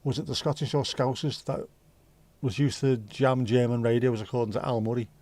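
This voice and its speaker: A man's voice: medium pitch, fairly even intonation, brisk, darkish tone, no room sound. A man hosting a livestream, chatting casually and reading out viewer comments in a rambling way, with the odd swear. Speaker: livestream host.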